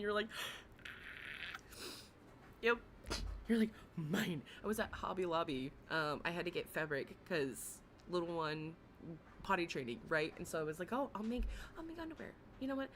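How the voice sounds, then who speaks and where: A young adult woman with a raspy voice, chatting casually and rambling on a livestream, often giggling, with many fillers. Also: fairly low pitch, normal speed, long pauses, slight background noise. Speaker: livestream commentary host.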